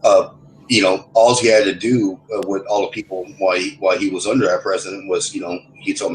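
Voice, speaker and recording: A man with a very low voice talks loosely in a voice chat, stumbling through restarts and "uh"s as he goes. A faint hiss of noise sits under his speech. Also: level tone, poor audio. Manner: rambling, halting with many fillers and restarts. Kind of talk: casual voice chat.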